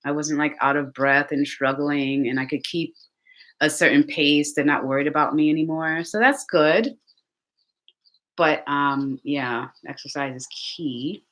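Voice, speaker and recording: A woman vlogger chatting casually to her viewers, telling lively stories. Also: low-pitched, a little slow. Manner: chatty, animated storytelling with laughs. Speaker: lifestyle vlogger.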